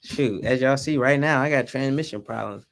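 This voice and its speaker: A man, hosting a casual livestream from home, laid-back and quick to laugh, calling his viewers y'all. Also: medium pitch, creaky. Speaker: livestream host, father. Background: birthday music playing.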